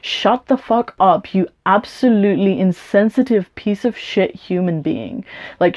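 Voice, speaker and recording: A woman's voice: mid-range voice, expressive, a little slow, darkish tone. A young woman from England vlogging a storytime rant, blunt and combative, swearing often as she answers a hostile comment.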